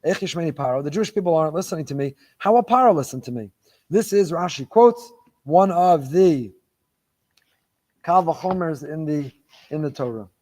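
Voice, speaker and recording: A middle-aged man giving a Torah lecture as a rabbi, his voice sitting a little higher than most men's. He speaks emphatically, driving each point home by repeating key phrases. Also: animated, moderate pace, dark tone.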